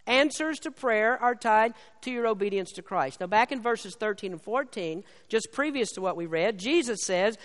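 A man preaching a sermon as pastor, slowing down and raising his voice on scripture and key lines, then dropping back low. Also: lively intonation, fairly bright tone. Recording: long hall reverb.

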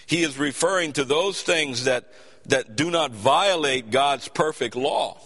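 A man's voice: a little high, bright, forceful tone. Emphatic preacher man in a reverberant hall. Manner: earnest, emphatic, repeats words as he builds a point. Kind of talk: sermon.

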